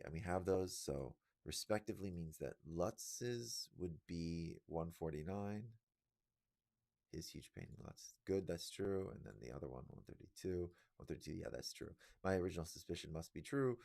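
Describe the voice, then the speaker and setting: A young man working through practice test questions out loud, like a tutor showing his reasoning. His voice sits low with a noticeable gravelly fry. He keeps breaking in with bursts of enthusiasm as he checks each answer. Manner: enthusiastic, quick asides like "woof" and "gorgeous". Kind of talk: thinking aloud while solving test questions.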